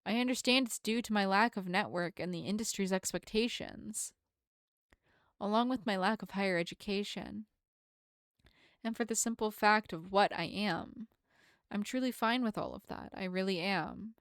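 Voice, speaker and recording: A woman's voice: medium pitch, moderate pace, a bit bright, no echo, natural voice. A woman voicing an earnest, polite young woman who talks in formal, apologetic phrases, reading a visual novel aloud with a dry sound.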